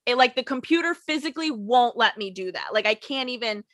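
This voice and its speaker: A woman's voice: on the high side, expressive, fairly quick, a bit bright, no room sound. A young woman who used to wait tables, telling stories in casual chat, bluntly and with a lot of swearing, often mocking customers' voices. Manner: blunt, profane storytelling with mocked customer quotes. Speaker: former waitress and bartender.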